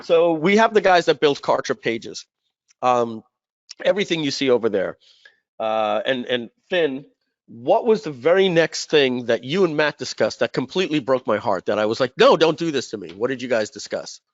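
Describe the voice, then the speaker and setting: A man's voice: mid-range voice, lively intonation, moderate pace, dry recording. A man hosting a webinar, telling a business story in casual chat and acting out quoted dialogue with animation. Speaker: webinar host. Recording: dry, dull lo-fi webinar audio.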